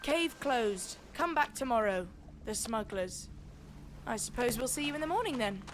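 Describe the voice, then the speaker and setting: A woman's voice: fairly high pitch, lively intonation, normal speed, a little hiss or hum, natural voice. An actress playing a sarcastic, scheming female pirate captain. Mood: dry. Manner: sarcastic, coaxing and bossy. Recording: game audio with faint music behind.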